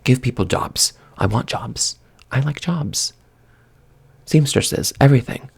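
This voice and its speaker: A man's voice: medium pitch, slow pace, vocal fry, slightly rough. A man ranting in a casual, exasperated monologue. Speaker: vlogger.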